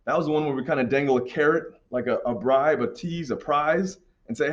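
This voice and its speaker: A man's voice: a little high, brisk, hardly any pauses, muffled recording. A man teaching a history lesson in a casual, joking way, walking students through an assignment. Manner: casual, joking, puts on silly accents for countries. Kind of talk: classroom lesson walkthrough.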